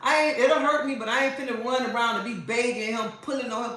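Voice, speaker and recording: A woman's voice: fairly high pitch, animated, brisk, few pauses, fairly bright tone. Woman, emphatic, preachy, repeats herself, live-stream advice talk, echoey room. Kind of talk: casual advice talk to viewers.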